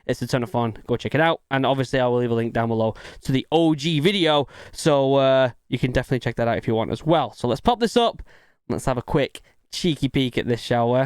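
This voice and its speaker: A man's voice: mid-range voice, fast, clear, resonant tone, no room sound. A young man hosting a reaction video, chatting casually and musing aloud with filler words.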